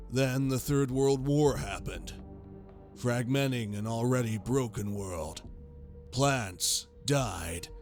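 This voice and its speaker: A man narrating a sci-fi horror story in a grave, measured way. He takes his time over every line, and faint music plays underneath. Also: medium pitch.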